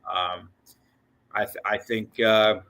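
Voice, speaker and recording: A man's voice: on the low side, level tone, slow, creaky, bright, forceful tone, rough recording. A man hosting a casual postgame sports show, rambling with restarts and repeated words, short of breath. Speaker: sports podcast host.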